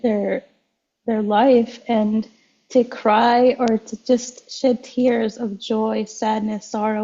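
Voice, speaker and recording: A woman guest speaking in a gentle, halting and sincere way in a heartfelt chat. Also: mid-range voice, creaky, muffled recording.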